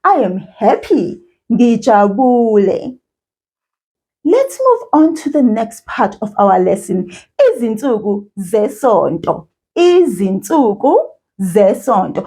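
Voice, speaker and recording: Slow, lively-voiced teacher woman. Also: on the high side. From South Africa. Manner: slow, encouraging, repeats words for learners to echo. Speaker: children's isiZulu teacher. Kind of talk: children's language lesson.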